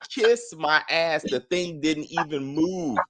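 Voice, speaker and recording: A man co-hosting a casual TV review, animated and profane, acting out scenes in put-on voices. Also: on the high side, takes it slowly, a loud crowd. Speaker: show co-host.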